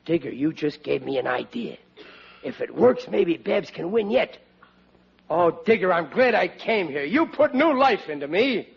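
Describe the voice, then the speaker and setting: An actor playing a blustering, bumbling working-class father in a 1940s radio sitcom, talking in an excitable, boastful, emphatic way. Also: sits high, measured pace, creaky, husky, heavily acted. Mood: earnest. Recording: lo-fi old radio recording with hiss.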